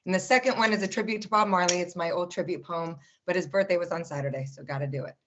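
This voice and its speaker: A woman performing spoken word poetry at an open mic over a video call, with a rapid-fire, rhythmic list delivery and sharp mocking jabs. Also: on the low side. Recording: muffled lo-fi video call audio.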